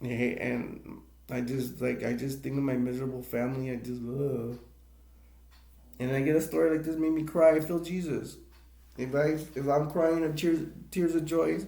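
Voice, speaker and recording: Tearful gravelly man live streaming. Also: a little high, darkish tone. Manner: emotional, rambling, repeats himself. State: crying. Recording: echoey room.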